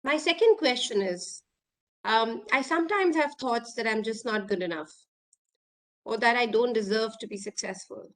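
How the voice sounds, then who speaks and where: A woman's voice: a little high, expressive, moderate pace. Earnest woman coaching online. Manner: earnest, with rhetorical questions to listeners. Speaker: executive coach and speaker. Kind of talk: online workshop talk.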